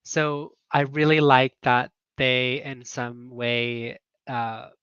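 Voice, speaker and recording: A man's voice: mid-range voice, little pitch movement, takes it slowly, a bit bright, clear, resonant tone, dry recording, highs cut off. A man coaching online teachers in a casual livestream chat, talking earnestly with many fillers and laughs.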